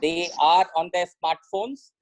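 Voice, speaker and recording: A man's voice: high-pitched, slow pace, rough recording. A man explaining his company's approach as a panelist on a video call, with frequent fillers. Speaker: panelist, business leader. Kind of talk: panel discussion.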